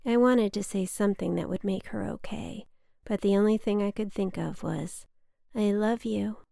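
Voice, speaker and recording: Young woman reading her own memoir, hushed and half-whispered, with creaky fry, in a dry, close-miked sound. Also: mid-range voice, moderate pace, no echo. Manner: hushed, often whispered, intimate. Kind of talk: reading a personal essay aloud.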